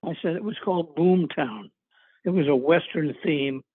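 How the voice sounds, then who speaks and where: An older man speaks in a somewhat husky, fairly high voice, spinning long anecdotes with lots of uhs and small laughs. The sound is thin and tinny, as over a telephone line, and very dry. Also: moderate pace, no echo. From New England. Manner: rambling anecdotes with chuckles and filler words. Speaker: guest actor. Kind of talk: casual interview storytelling.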